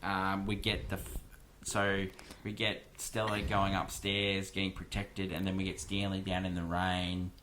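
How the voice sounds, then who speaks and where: A man's voice: low voice, completely flat delivery, unhurried, bright, forceful tone, slight background noise. A man co-hosting a casual film discussion podcast, rambling with many fillers and restarts. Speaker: podcast co-host.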